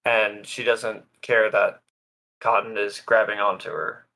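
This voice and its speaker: A man's voice: on the low side, fairly even intonation, unhurried, gravelly, pushed and bright, low-quality recording. Easygoing male player at the table. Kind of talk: casual tabletop play.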